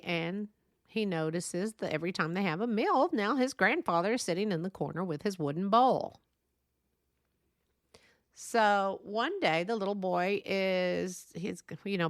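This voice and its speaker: Middle-aged woman, lowish voice, podcast host storyteller, chatty and digressive, dry close mic. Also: a bit bright, dry recording. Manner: chatty, rambling with asides and restarts. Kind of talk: casual storytelling.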